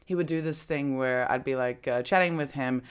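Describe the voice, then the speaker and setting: A young woman talks in a low voice that swings freely when she gets excited. She chats casually, with a lot of laughter and many "likes". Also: brisk, clean tone. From Australia. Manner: chatty, laughs often, says "like" a lot. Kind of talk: casual chat. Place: Berlin.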